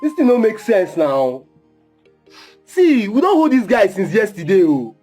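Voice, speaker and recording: A scheming Pidgin kidnapper. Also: male voice, high-pitched, sing-song, measured pace, warm tone, faint music behind, full character voice. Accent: Nigerian Pidgin. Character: restless young male kidnapper, scheming and jokey. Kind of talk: film drama acting.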